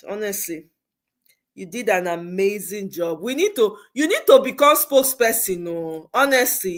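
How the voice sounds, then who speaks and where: A woman's voice: medium pitch, fairly bright tone. Nigerian woman hosting a casual livestream. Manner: mixes Pidgin, laughs often, reads comments aloud. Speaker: livestream host.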